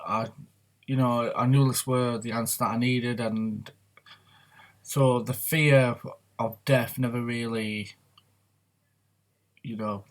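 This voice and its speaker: A man's voice: medium pitch, steady tone, slow, long pauses. A man talking openly in a rambling, confessional way on his personal vlog. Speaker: vlogger. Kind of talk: candid personal vlog talk.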